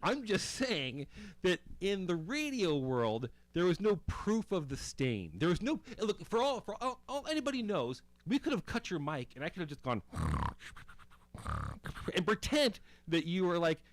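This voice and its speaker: A man's voice: high-pitched, wildly swooping pitch, a little slow, dry recording. Rambling, teasing male talk show host. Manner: rambling, teasing, lots of likes and restarts. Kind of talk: casual comedic talk show banter.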